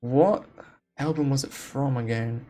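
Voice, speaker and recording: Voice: mid-range voice, measured pace, mellow. Rambling, chuckling game streamer. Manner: rambling, laughing, self-deprecating. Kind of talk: casual live-stream chat. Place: home room.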